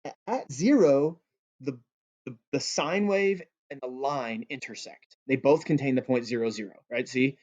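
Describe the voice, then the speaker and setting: A man's voice: medium pitch, moderate pace, pauses often. A male math teacher giving a recorded calculus lesson in a playful, joking way. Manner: playful and goofy, jokes with students. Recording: dull lo-fi audio.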